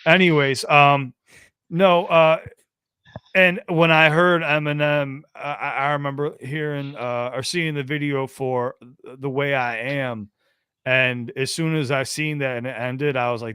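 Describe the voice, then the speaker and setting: An American man hosting a call-in podcast, talking casually and excitedly, often restarting his phrases. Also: mid-range voice, measured pace, clear, resonant tone, no echo, studio quality. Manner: chatty, repeats himself and restarts phrases. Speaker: podcast host taking calls.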